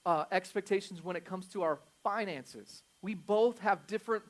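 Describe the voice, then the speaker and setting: Man, pastor, high-pitched voice, casual joking sermon, loud then hushed. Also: normal speed. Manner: conversational, joking, swings from loud emphasis to quiet asides.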